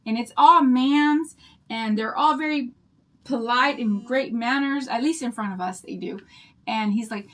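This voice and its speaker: An older woman rambles happily to her livestream viewers, telling stories in a bubbly, chatty way. Her voice sits a little high for a woman. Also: normal speed. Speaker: craft livestream host.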